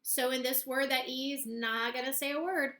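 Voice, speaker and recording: Woman teacher, phonics lesson for kids, high bright voice, slow clear sound-outs, echoey room. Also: fairly even intonation. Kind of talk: phonics lesson for young children.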